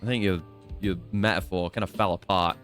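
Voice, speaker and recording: A man doing a deadpan young detective. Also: low-pitched, fairly quick, faint music behind, pitched below the performer's own voice. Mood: dry.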